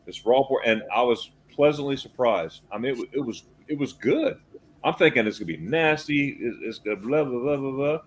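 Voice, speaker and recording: Animated male host telling a story. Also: mid-range voice, a little fast, a little hiss or hum. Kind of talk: casual group video chat.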